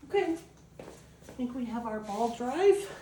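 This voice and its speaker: A woman breeder explaining a puppy temperament test, switching between high coaxing puppy talk and calm explanation. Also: far from the mic, a little hiss or hum. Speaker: dog breeder. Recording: echoey room, voice off-mic.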